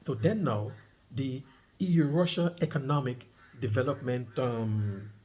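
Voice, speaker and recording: Unhurried and a little mellow, this middle-aged man's medium-pitched voice carries a vlog in which he reads a news article and stops to comment. Emphatic throughout, he repeats the key points and has listeners underline words.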